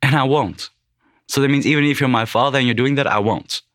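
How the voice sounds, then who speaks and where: A man's voice: medium pitch, quick pace, a bit bright, dry recording, clean studio sound. A man in his thirties who grew up in the Netherlands, a podcast guest speaking bluntly and frankly in casual chat, swearing freely. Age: 30s.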